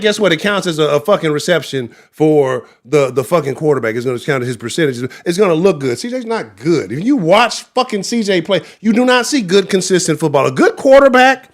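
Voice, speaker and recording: A man's voice: on the high side, a little fast, few pauses. A man with a Houston accent hosting a sports talk livestream, ranting angrily with heavy profanity. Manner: angry, profane, animated ranting. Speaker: sports talk show host.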